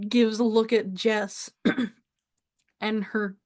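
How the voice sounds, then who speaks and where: A woman narrating as game master and voicing characters, playful and quick to laugh and swear. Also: medium pitch, little pitch movement.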